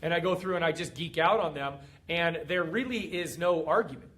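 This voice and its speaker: A man's voice: fairly high pitch, fairly quick, a bit bright. A middle-aged man hosting a motivational livestream as a fitness coach, talking in an emphatic, repetitive, preachy way. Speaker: fitness coach and group host.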